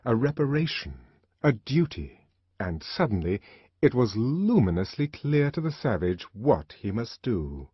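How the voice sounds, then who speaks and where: A man reading an audiobook with an expressive, dramatic delivery. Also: medium pitch, measured pace, husky, no room sound. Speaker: audiobook narrator. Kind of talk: audiobook narration. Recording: dull, dry lo-fi recording.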